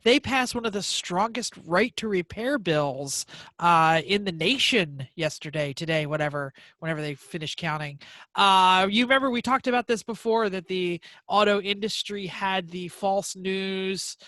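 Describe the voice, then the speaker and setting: Man co-host, high and bright, dry close sound, jokey and loose. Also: normal speed, dry recording. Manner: jokey, loose, blurts out exclamations. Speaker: podcast co-host. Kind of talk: casual chat.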